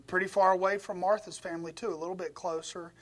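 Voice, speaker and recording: A man's voice: sits high, fairly even intonation, quick pace, fairly bright tone. A man preaching a conversational sermon, retelling a story with animation and folksy humorous asides. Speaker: pastor.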